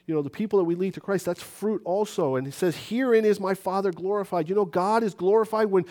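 A man from New City, preaching a sermon in a church and acting out little conversations as he goes. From New York City. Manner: animated, acts out conversations with rising pitch.

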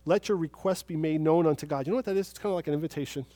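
A pastor delivers a sermon, drifting between quiet, hushed storytelling and bursts of loud, fervent emphasis. His voice sits a bit high for a man. The sound is dry and close, with no room around it. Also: very fast, dry recording.

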